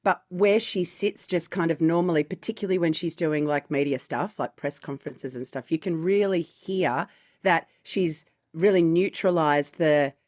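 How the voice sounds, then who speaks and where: Woman, low voice, podcast voice actor, chatty and explanatory, dry close recording. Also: normal speed, darkish tone, dry recording. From Australia. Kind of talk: casual chat.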